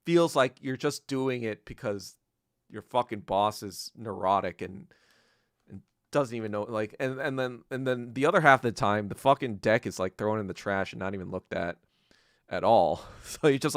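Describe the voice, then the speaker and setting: Male podcast host, mid-range voice, casual profane rant with sudden loud bursts, dry close recording. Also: no room sound. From Korea. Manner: profane, swings from low mutter to loud bursts. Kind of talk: casual ranting monologue.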